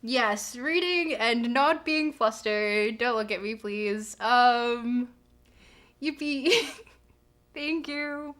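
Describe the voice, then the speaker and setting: A woman's voice: a little high, extremely slow, fairly bright tone. A young woman streaming live, chatting casually, bubbly and giggly as she gushes thanks to her viewers. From Canada.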